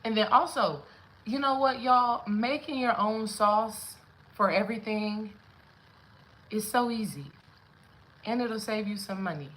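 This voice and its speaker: A woman's voice: medium pitch, unhurried, long pauses, fairly bright tone, rough recording. A young adult woman cooking at home on camera, chatting casually with her viewers, singing along to songs and laughing as she goes. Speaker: spiritual coach cooking on camera. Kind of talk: casual cooking vlog chat.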